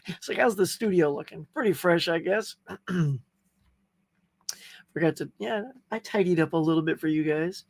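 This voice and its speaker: With a Southern US accent, this middle-aged man chats casually through a live stream, laughing frequently, reading comments, and naming viewers as he greets them. His slightly high voice keeps a moderate pace broken by long pauses, with no echo.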